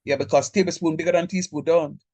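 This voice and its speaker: A man's voice: fairly high pitch, fairly even intonation, fast talker, dark tone, no echo. Jamaican man lecturing, dry close sound. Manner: direct, chatty, code-switches into local speech. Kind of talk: online math lecture. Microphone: video call.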